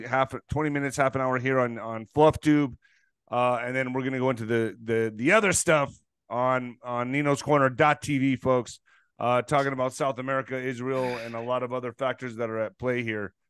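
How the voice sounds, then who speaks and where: Loose, joking male host, smooth voice. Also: mid-range voice, steady tone, normal speed, fairly bright tone, no echo. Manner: loose and joking, many fillers and restarts. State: groggy, slurring a little in the morning. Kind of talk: casual interview chat.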